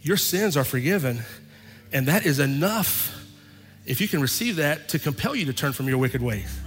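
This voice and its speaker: Preaching at a normal speed with lively intonation, this slightly high-voiced male pastor recounts something from his own life and acts out each side of a dispute. A big hall's lingering echo surrounds him.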